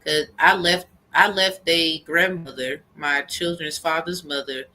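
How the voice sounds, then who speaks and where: Woman, bright edgy voice, heated rambling rant, faint room hiss behind. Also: sits low, steady tone, unhurried. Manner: heated, profane, rambling storytelling. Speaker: vlogger. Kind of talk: angry personal rant.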